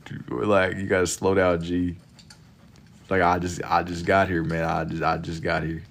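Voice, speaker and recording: Deep-voiced laid-back young man streaming. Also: level tone, normal speed, creaky. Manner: laid-back slangy banter with chat, frequent laughs. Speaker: livestream artist. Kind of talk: casual livestream chat.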